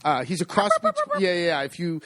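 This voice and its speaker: A man co-hosts a casual podcast, his pitch sitting a touch above the usual male range. He tells long, meandering stories at an easy pace. His voice is dry and close, with no room around it. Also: a little fast, fairly bright tone, dry recording. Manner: rambling, chatty storytelling. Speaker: podcast co-host. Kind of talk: casual chat.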